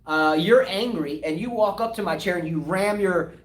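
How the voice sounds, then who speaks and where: A man with a high voice co-hosts a live tennis talk stream. He argues with lively rhetorical questions. His voice sits away from the mic and echoes around the room. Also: normal speed, far from the mic. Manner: animated, argumentative, rhetorical questions. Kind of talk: casual live-stream discussion.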